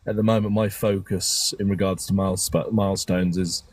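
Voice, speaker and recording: A man's voice: low-pitched, little pitch movement, moderate pace, a little mellow, no room sound. A man telling personal stories in a casual, open and emotional way, swearing now and then and rambling with restarts. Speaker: guest caller on a live stream.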